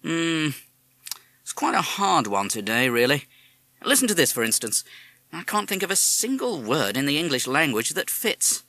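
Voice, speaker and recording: A man's voice: a little high, big pitch swings, normal speed, sharp tone, dry recording, pitched above the performer's own voice, full character voice. A man voicing a middle-aged father, dry and set in his ways, with a raised, exclaiming delivery. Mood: puzzled.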